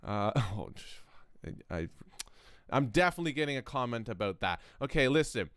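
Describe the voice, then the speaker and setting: A man's voice: medium pitch, animated, normal speed, a bit bright, clean tone, no room sound, studio quality. A man from Canada hosting a music production channel, rambling and joking between stories in a casual vlog. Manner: rambling, self-interrupting, joking. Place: home studio.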